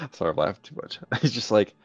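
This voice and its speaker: A man at a tabletop game laughs through his lines, his pitch jumping around as he voices his character. His voice sounds a bit muffled, with faint music behind. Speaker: player. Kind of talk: casual tabletop game chat.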